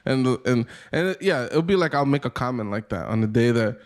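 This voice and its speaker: A man's voice: mid-range voice, lively intonation, fairly quick. A man co-hosting a podcast in casual chat, thinking aloud with many restarts. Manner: rambling, many fillers and restarts, self-questioning. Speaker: podcast co-host.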